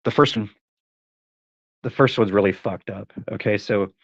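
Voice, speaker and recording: A man's voice: lowish voice, normal speed, creaky, dry recording. Profane rambling male storyteller, dull sound. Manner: rambling, profane, laughs at his own stories. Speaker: host. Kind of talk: casual storytelling.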